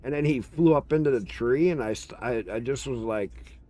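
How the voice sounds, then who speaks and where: A man streaming a game, telling a story in casual, animated chat and swearing freely. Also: medium pitch, normal speed, faint music behind.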